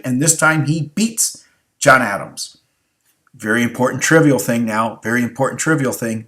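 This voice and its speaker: A man's voice: medium pitch, a bit bright. A tired male history teacher giving a review lecture, asking rhetorical questions and repeating key phrases. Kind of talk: recorded exam review lecture.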